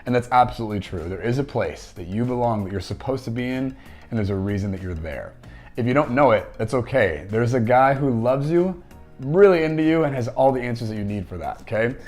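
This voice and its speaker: A man's voice: medium pitch, expressive, brisk, darkish tone, faint music behind. A man hosting a casual movie commentary, chatting enthusiastically and retelling scenes in his own words. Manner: enthusiastic, conversational, retells scenes with quoted dialogue.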